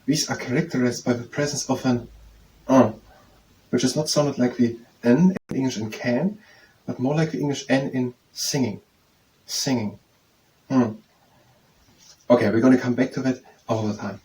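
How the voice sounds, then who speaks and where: A man working through a French phrase book aloud, halting and thinking out loud as he slowly repeats each phrase several times. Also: medium pitch. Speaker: language learner teaching himself. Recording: distant mic with faint room noise.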